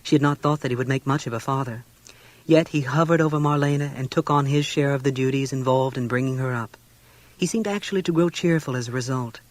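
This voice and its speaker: Steady man reading a novel aloud. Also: mid-range voice, quick pace, dry recording. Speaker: audiobook reader.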